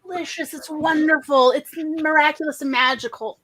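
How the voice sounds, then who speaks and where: A woman's voice: high-pitched, steady tone, moderate pace, a bit bright. A woman in casual chat, playful and gushing as she jokes along.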